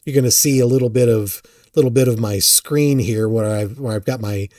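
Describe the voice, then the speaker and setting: A man casually answering chat on a live stream, rambling and halting, often self-deprecating. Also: mid-range voice, mellow, dry recording, studio quality.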